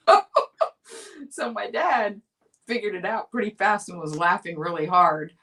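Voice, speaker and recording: A woman's voice: mid-range voice, measured pace, pushed and bright, distant mic. A woman in her fifties from Florida, hosting her own livestream show and telling a childhood story in a chatty, amused way, laughing through it. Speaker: comedian host of a weekly livestream talk show. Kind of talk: casual storytelling monologue.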